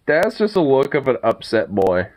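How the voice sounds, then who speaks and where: A man's voice: medium pitch, very animated, moderate pace, a little mellow. A man chatting casually on his vlog in a laid-back way, swearing freely and cooing at his pets. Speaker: vlogger. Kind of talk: casual chat.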